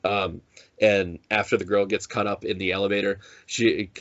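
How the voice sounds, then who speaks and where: A man's voice: fairly low pitch, level tone, moderate pace, a bit bright, no echo, dull audio. A man co-hosting a podcast in casual chat, rambling with many restarts and acting out quotes. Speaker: podcast co-host.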